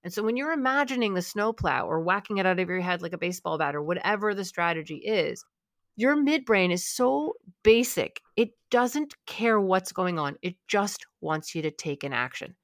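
A woman's voice: fairly low pitch, animated, moderate pace, no room sound, clean studio sound. Woman eagerly explaining brain science. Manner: explains eagerly, acts out inner voices. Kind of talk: explanatory conversation.

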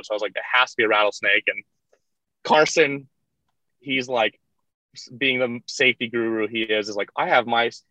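Young male guest, chatty, says "like" constantly, bright tense tone, dry and slightly muffled recording. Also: medium pitch, dry recording. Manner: rambling, heavy use of "like", laughs through retellings. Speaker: podcast guest, kayaker. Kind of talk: casual storytelling. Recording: dull lo-fi dry sound.

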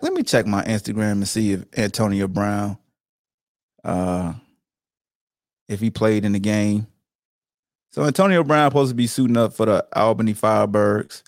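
A podcast host trash-talks in a loose, playful voice. His pitch swings up and down all the time. The sound is close and dry, with no room around it. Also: animated, moderate pace, pauses often, no room sound. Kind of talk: casual sports talk.

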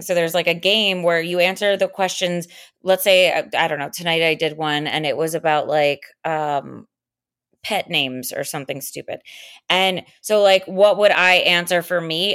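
Earnest, low-voiced woman co-host. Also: fairly bright tone, clean tone. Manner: earnest, long explanatory turns. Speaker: podcast co-host. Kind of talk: casual chat.

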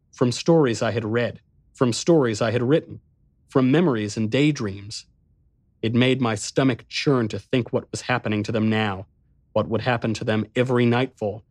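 A man giving intense first-person dramatic narration of a dark story. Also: medium pitch, no room sound.

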